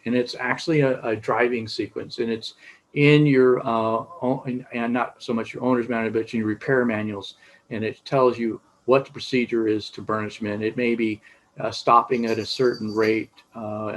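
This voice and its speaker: A man's voice: medium pitch, rough recording. A middle-aged man teaching auto repair in a casual, rambling way, with many fillers and restarts. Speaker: automotive instructor.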